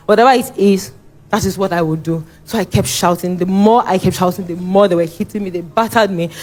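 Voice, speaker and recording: A young woman with a Nigerian accent and a medium-pitched voice gives an animated church testimony. As she tells her story, she re-enacts her own shouting and pleading.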